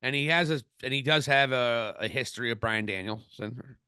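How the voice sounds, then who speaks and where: Man, casual podcast co-host, bright voice, dry close sound, opinionated and rambling. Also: medium pitch, normal speed, smooth, no room sound. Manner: opinionated, rambling, frequent restarts. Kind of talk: casual wrestling podcast chat.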